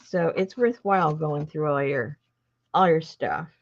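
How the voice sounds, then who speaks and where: Crafting-show host, woman, low gravelly voice, rambling chat, lo-fi sound. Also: measured pace. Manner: rambling, chatty, self-interrupting. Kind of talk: casual chat while crafting.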